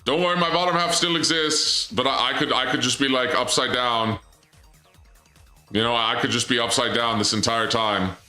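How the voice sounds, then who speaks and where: A male game streamer with a bright, forceful tone, joking around with his chat in a loose, goofy way. His voice rings in an echoey room, and game music runs quietly underneath. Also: mid-range voice, normal speed. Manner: goofy, joking with chat, voice jumps up when excited. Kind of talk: casual let's-play commentary.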